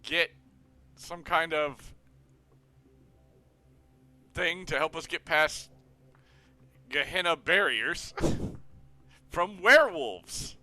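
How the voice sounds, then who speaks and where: A man in a casual stream chat who talks haltingly and laughs often. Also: fairly high pitch, expressive, bright, forceful tone. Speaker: player.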